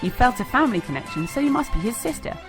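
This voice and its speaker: Woman teaching improv, bouncy sing-song voice, soft music under it. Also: on the high side, sing-song, fast talker. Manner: bright, demonstrative, sing-song. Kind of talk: instructional narration.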